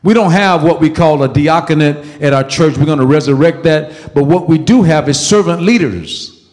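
A man preaching a sermon as pastor of his church, emphatic, swinging from loud outbursts to soft asides and repeating phrases for emphasis. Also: on the high side, normal speed, big-room sound.

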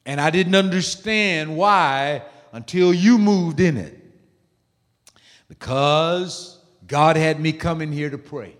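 A solemn elderly man with a raised, deliberate voice , as a preacher puts him on. He speaks in an unhurried, earnest way. The words ring out in a long-echoing hall. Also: fairly high pitch, a bit bright, pitched above the performer's own voice. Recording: echoey hall.

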